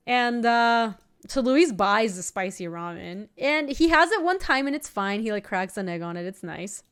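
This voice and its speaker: A young woman streamer chatting casually while playing a card game, telling an animated story with laughing asides. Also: medium pitch, normal speed, clean tone. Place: home streaming setup.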